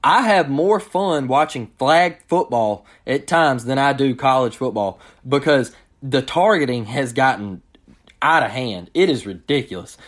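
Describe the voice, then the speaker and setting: A man's voice: mid-range voice, animated, measured pace, a bit bright. A man hosting his own sports show, giving frustrated, ranting commentary and often repeating himself. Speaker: sports podcast host.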